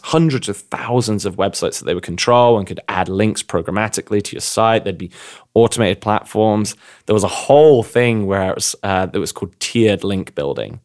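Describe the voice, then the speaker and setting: A young man with an English accent, co-hosting a casual podcast and telling stories in a rambling, animated way. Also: lowish voice, clean tone. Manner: rambling, animated storytelling with quick asides. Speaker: podcast co-host.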